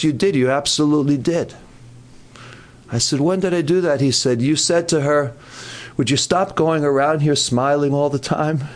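An older man giving a sermon at a youth camp, animated and joking, with quoted asides. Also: on the high side. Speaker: camp speaker.

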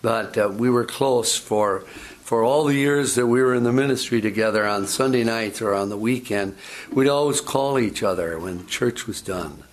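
A man's voice: medium pitch, normal speed. An older man preaching a sermon, talking in a conversational, storytelling way that often stops and repeats words. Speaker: pastor.

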